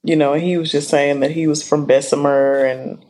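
A woman's voice: sits low, fairly even intonation, moderate pace, warm tone. A woman co-hosting a podcast in a casual, laid-back chat, drawing out her thoughts and chuckling now and then. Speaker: podcast co-host.

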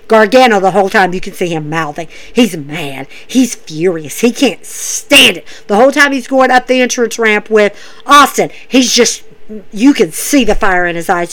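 A woman casually recapping wrestling events, animated, dropping her voice to act out what the wrestlers say. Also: moderate pace. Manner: animated, acts out wrestlers' lines in a lowered voice.

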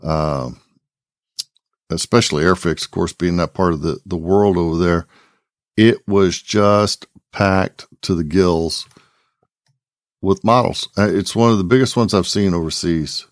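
A man co-hosting a hobby podcast, telling a relaxed, rambling story in casual chat. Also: sits low, a little slow, no room sound, clean studio sound. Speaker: podcast co-host.

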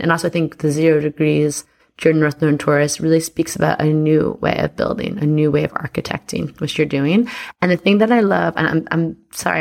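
A woman with a low, creaky voice chats casually and playfully, full of fillers, while acting as an astrologer reading her business partner's chart.

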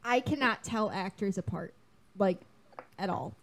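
A woman's voice: mid-range voice, measured pace, gravelly, a crowd in the background. A woman co-hosting a casual podcast, full of dramatic, self-mocking exclamations. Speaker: podcast co-host. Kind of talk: casual chat.

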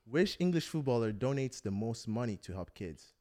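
A young man hosting a casual football podcast, animated and laughing often as he quizzes his friends. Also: medium pitch, moderate pace. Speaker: podcast host.

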